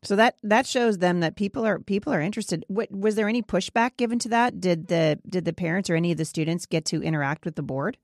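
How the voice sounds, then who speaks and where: A woman's voice: lowish voice, fast, few pauses, no room sound, clean studio sound. A woman interviewing a guest, asking probing questions and making emphatic, opinionated points. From Pacific Northwest, USA. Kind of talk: conversational interview.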